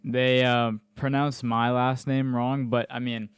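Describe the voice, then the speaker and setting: A man's voice: medium pitch, level tone, slow, smooth, no echo. A young man hosting a podcast, easygoing and chatty as he leads the questions. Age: young adult. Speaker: podcast host. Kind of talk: casual chat.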